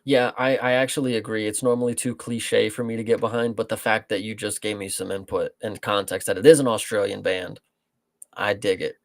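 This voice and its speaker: Gravelly guy on a fight podcast, swears a lot, rambles, dry sound. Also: fairly low pitch, brisk, dry recording. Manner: profane, rambling, animated. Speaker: podcast co-host. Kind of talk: casual sports chat.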